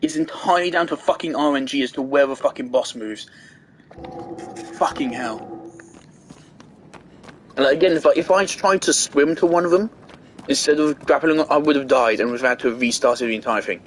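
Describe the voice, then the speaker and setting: A man's voice: medium pitch, moderate pace, long pauses, a little hiss or hum. A young man giving angry gameplay commentary, ranting and swearing heavily. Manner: furious ranting, heavy swearing. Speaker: gaming video creator.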